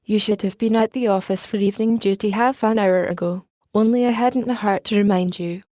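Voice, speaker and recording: A woman reading the lines of a gentle young woman speaking tenderly, in an audiobook. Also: medium pitch, steady tone, brisk, natural voice.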